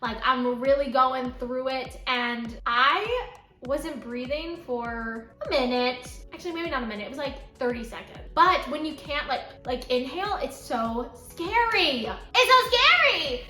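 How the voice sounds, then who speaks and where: A woman's voice: high voice, a little slow, pushed and bright, soft background music. A woman in her twenties telling a story-time vlog in a chatty way, full of "like" fillers. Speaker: vlogger. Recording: echoey room.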